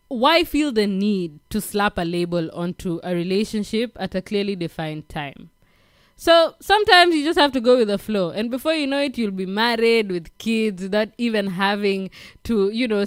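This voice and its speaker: A radio host with an African accent runs a late-night talk show from a radio studio, giving relationship advice chattily, laughing often and asking "right?". Her mid-range voice is smooth, recorded at studio quality with no echo.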